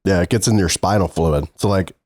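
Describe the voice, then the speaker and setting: A young man co-hosting a casual podcast, animated and quick to swear and laugh. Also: low voice, no echo, clean studio sound. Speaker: podcast co-host.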